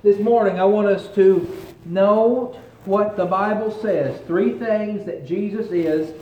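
A man preaching a sermon to his congregation, earnest and emphatic, with dramatic pauses. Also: sits high, lo-fi sound, slight background noise. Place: church sanctuary. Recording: roomy church with faint ambience.

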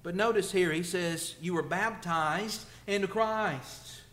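A man's voice: high voice, slow pace, fairly bright tone, reverberant. A male preacher delivering a conversational sermon, asking rhetorical questions and building emphasis. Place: church.

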